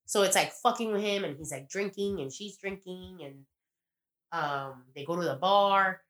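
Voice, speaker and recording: A woman's voice: fairly low pitch, moderate pace, fairly bright tone. A young woman casually recapping a TV show as a podcast host, rambling and swearing, acting out lines as she goes. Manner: rambling, profane, acts out quoted lines.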